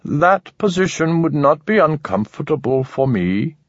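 A tall, unhurried alien, put on by a male reader, weighs each stiff, formal word in a slightly raised voice. The recording sounds dull and close, with no room around it. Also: on the high side, big pitch swings, no room sound, voice pushed up. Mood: detached, curious. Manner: slow, measured, oddly formal speech. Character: tall, calm, curious alien captor.

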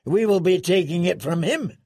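A man's voice: high voice, animated, moderate pace, creaky, darkish tone, breathy edge, no echo, clean studio sound, voice pushed up, exaggerated voice. A man voicing a doubtful mercenary captain who raises cautious objections. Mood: objecting. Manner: questioning, cautious.

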